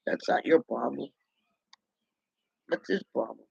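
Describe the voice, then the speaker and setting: Gravelly high-voiced New man gossiping. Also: big pitch swings, unhurried, a bit bright, dry recording. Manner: chatty, indignant, talks to himself. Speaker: vlogger. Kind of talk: rambling gossip monologue. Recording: dull lo-fi dry recording.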